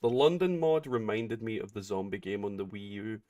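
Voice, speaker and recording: A man's voice: on the low side, lively intonation, normal speed, dry recording. A man chatting casually and bluntly while streaming a game, reading out viewer messages, with some swearing. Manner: chatty, blunt and profane, reading chat aloud. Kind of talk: casual live-stream chat while gaming. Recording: distant mic with loud game noise.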